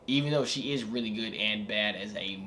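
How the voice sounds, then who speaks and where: A man's voice: lowish voice, a little fast, background noise. A young man giving casual reaction commentary as a wrestling vlogger, laid-back and slangy, rambling with filler asides.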